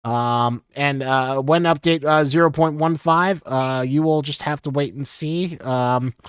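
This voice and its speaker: A man with a fairly high, smooth voice hosts a casual live stream, reading viewer questions aloud. He talks in a halting way, full of "uh"s and small chuckles. The sound is dry and close to the mic. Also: no room sound. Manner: halting, many fillers, chuckles often. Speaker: community stream host.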